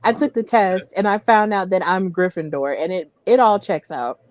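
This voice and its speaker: A woman's voice: fairly low pitch, lively intonation, moderate pace, a little mellow, dry recording. A woman hosting a wrestling podcast, chatty and giggly, often repeating herself. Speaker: podcast host. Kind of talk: casual podcast interview.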